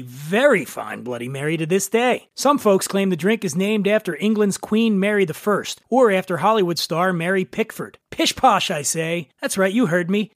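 A man's voice: high voice, no echo, clean studio sound. A man hosting a short podcast episode, delivering a scripted monologue in a wry, playful and theatrical way. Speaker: podcast host.

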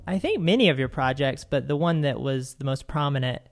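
A man's voice: medium pitch, lively intonation, brisk, creaky. A man hosting a podcast, chatting enthusiastically with his guest and full of fillers. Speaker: podcast host. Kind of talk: casual interview chat.

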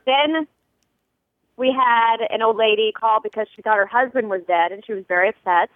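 A woman's voice: fairly high pitch, normal speed, no room sound. Chatty woman on a tinny phone line. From Nashville, United States. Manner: chatty storyteller who acts out voices. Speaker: caller leaving a voicemail. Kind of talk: voicemail message.

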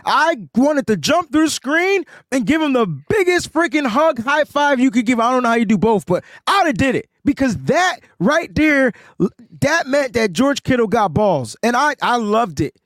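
Excitable high-voiced man ranting. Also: normal speed, no room sound, studio quality. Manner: animated, ranting, repeats words. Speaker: podcast co-host. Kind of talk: excited sports podcast chat.

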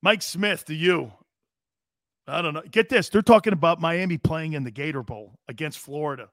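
A man's voice: on the high side, moderate pace, fairly bright tone, no echo, clean studio sound. A man in his fifties hosting a sports talk show, telling profane, laughing anecdotes in casual chat.

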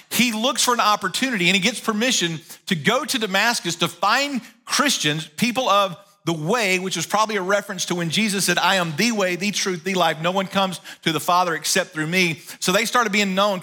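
A man preaching a sermon and retelling a story with animated energy. His voice is high and bright, and it swings widely in pitch. He slows down for key words. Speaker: pastor.

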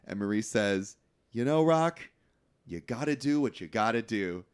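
Podcast co-host, male, lively swinging pitch, casual profane storyteller who mimics characters. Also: normal speed, clear, resonant tone. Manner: animated storyteller, acts out movie lines, swears freely. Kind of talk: casual movie recap chat.

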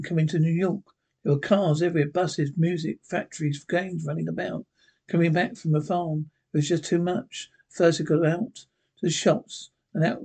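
A man's voice: a little high, gravelly, mellow, slightly rough, low-quality recording. An actor with a Scottish accent playing a lonely older male hermit in a sitcom, telling his story in a plain-spoken, wistful way. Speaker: sitcom character. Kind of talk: sitcom acting.

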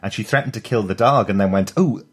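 A man's voice: on the low side, quick pace, husky. A man co-hosting a podcast, chatting eagerly about a TV episode and retelling scenes. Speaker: podcast co-host. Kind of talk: casual chat reviewing a TV episode.

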